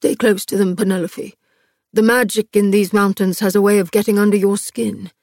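A wry male companion, read by a woman narrating an audiobook, speaks with quiet humour and a thread of warning. The voice is mid-pitched and sits close and dry. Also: level tone, moderate pace, no echo, close to an everyday voice. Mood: cautioning.

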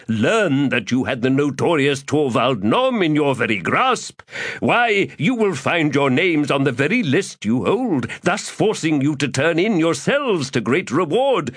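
A man's voice: a little high, fairly bright tone, husky, dry recording, clean studio sound, pitched above the performer's own voice, full character voice. A man voicing a pompous, chubby male schemer who speaks in grand archaic phrases and calls himself by name. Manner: grandiloquent archaic speech, refers to himself in third person. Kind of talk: audiobook character voice.

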